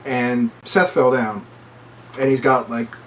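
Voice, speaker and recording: A man casually retelling a movie plot, with lots of "like" fillers, and he jumps into high voices to quote the characters. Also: fairly even intonation, takes it slowly, fairly bright tone, recorded from a distance, slight background noise. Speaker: movie reviewer.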